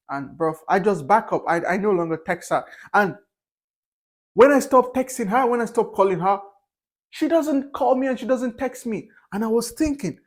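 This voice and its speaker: This casual opinion piece comes from a young vlogger whose voice is notably high and animated, delivered at a moderate pace. He's frank and meandering, unscripted, often starting sentences over and leaning on "uh" and "you know."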